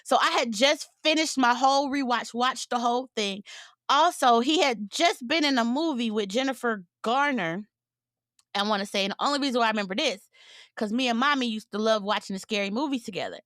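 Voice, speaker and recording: A woman co-hosting a podcast, telling a story in casual chat, animated and laughing as she acts out what people said. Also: on the high side, a little fast, dry recording, clean studio sound. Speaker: podcast co-host.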